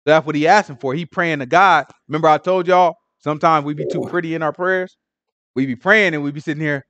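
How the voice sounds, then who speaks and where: A man leading a conversational Bible study, animated and talking, acting out prayers in hushed or loud voices. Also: on the high side, fairly quick, no room sound, dull audio. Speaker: Bible teacher. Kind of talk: conversational scripture teaching.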